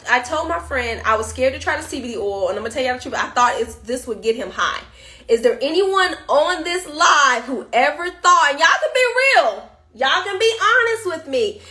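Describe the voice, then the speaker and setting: A woman hosting a live stream, telling a story in an animated, playful way and talking straight to her viewers. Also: fairly high pitch.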